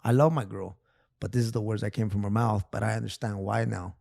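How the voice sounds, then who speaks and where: A man's voice: lowish voice, steady tone, a little fast, gravelly, a little mellow, no echo, clean studio sound. A man guest telling a personal story on a casual podcast, emotional and profane, repeating phrases. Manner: repeats phrases, calls host big dog. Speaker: therapist guest.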